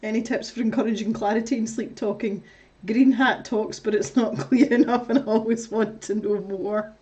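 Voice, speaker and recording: A woman's voice: fairly high pitch, steady tone, moderate pace, warm tone, dull audio. A woman chatting casually while crafting on a livestream, telling stories, reading out chat comments and laughing often.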